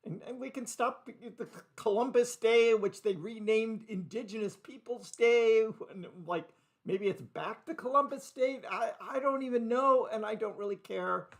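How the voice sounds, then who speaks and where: A man with a fairly high voice and a gravelly, crackly edge hosts a loose live market stream. He rambles in a chatty way, laughs often and speaks to viewers in the chat by name. He talks into a desk microphone. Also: moderate pace. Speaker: crypto livestream host. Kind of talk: casual live market commentary.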